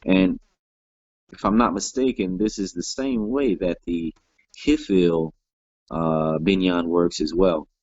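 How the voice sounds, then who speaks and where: Slow, deep-voiced man teaching grammar. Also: darkish tone, no room sound. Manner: patient, explains step by step, many "all right" fillers. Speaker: Hebrew teacher. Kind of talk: classroom grammar lesson. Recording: dull lo-fi dry sound.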